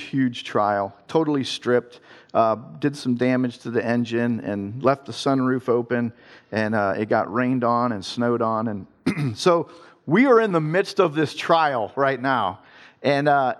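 A man from Ohio telling a personal story in a conversational way and turning it into an earnest devotional talk. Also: mid-range voice. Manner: earnest, conversational storytelling with self-deprecating laughs. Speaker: father telling a faith story.

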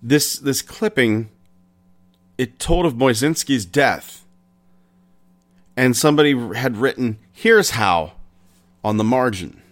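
A man hosting a podcast, retelling an old crime story in an unhurried, conversational way with pauses. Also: mid-range voice. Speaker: podcast host.

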